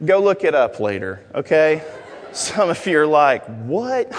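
A young man preaching a sermon in a large hall, telling jokes and stories in an animated way. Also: fairly high pitch, normal speed. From Arkansas, USA. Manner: animated, joking storytelling. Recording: long hall reverb.

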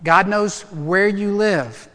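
A male pastor preaching a sermon, animated and emphatic, with touches of humor. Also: high-pitched, slow, long reverb tail.

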